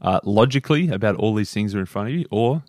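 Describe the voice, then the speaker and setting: Man, podcast co-host, easygoing storyteller, lower voice, dry recording. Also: expressive, fast, a little mellow, no echo. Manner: easygoing storyteller, retelling anecdotes. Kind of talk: casual book discussion.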